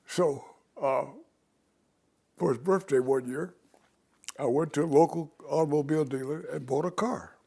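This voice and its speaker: Gravelly, husky older man telling stories. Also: a little high, mellow. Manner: unhurried, reflective storytelling with small restarts. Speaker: interview guest. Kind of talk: storytelling in conversation.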